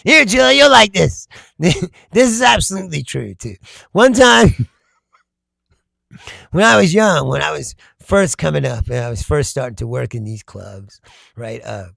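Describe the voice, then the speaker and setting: Gravelly, lively man telling stories. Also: a little high, a little slow, long pauses, no room sound. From Kentucky. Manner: laughing often, loud storytelling with sudden shouts. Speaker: comedian streamer. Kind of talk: casual chat with live chat.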